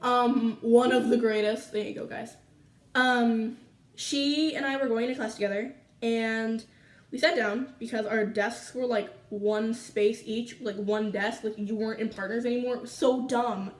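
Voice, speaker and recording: A teenage girl from Canada telling a school story to her viewers in a chatty, animated way full of fillers. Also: a little high, unhurried, reverberant, recorded from a distance. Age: teens. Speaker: vlogger. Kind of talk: casual storytime chat.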